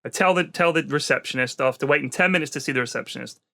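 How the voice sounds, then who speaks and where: A man's voice: medium pitch, fast talker, gravelly. A British man, a parent, telling a long exasperated story on a comedy podcast. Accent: British English. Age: adult parent. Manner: animated, exasperated storytelling with swearing. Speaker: podcast co-host.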